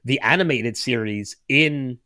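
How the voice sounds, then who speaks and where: A man's voice: mid-range voice, measured pace, pushed and bright, dry recording, clean studio sound. Rambling man in his late thirties. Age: 30s. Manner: rambling storyteller, emotional. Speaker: podcast host. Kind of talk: casual chat.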